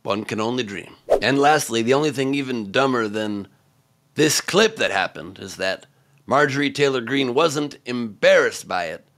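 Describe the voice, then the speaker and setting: A man hosting scripted comedic political commentary, sarcastic and mocking, with sudden loud outbursts. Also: medium pitch, expressive, normal speed.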